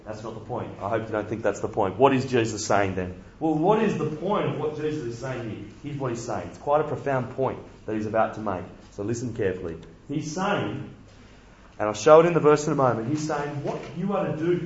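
A man's voice: mid-range voice, lively intonation, a little fast, heavy reverb, dull audio, slight background noise. A man giving a conversational sermon full of rhetorical questions. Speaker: preacher.

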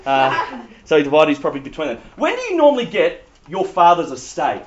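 A man preaching a sermon, telling stories with animated humor. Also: fairly high pitch, fast talker. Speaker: pastor. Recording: dull lo-fi sound.

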